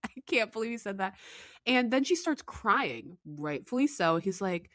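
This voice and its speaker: An emphatic young woman co-hosting a chatty recap podcast, with quick reactions and frequent laughter. Her voice has an ordinary mid pitch for a woman, and the sound is close and dry, with no echo. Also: sing-song, fairly bright tone. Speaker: podcast co-host. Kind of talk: casual reality TV recap chat.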